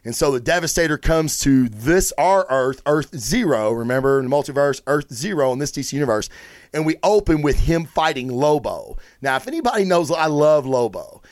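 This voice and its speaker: A man hosting a comic book review show, talking in a casual, rambling, excitable way and swearing freely. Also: a little high, normal speed, dry recording, clean studio sound. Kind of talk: casual solo review talk.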